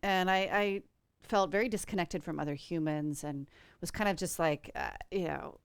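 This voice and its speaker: Smooth-voiced woman, earnest spiritual host. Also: on the low side, moderate pace, no echo. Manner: earnest, flowing, many "you know" fillers. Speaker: podcast host. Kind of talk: spiritual conversational chat.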